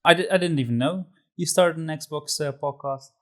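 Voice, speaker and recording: A man's voice: a little high, moderate pace. A man hosting a podcast, introducing the episode and guest in a loose, friendly way with fillers. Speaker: podcast host.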